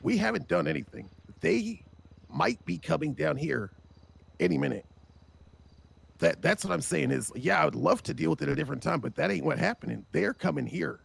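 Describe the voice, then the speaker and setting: A man's voice: fairly high pitch, expressive, fairly quick, vocal fry, husky. A man speaking in character in a gang roleplay, urgent and insistent, swearing often and pressing his point.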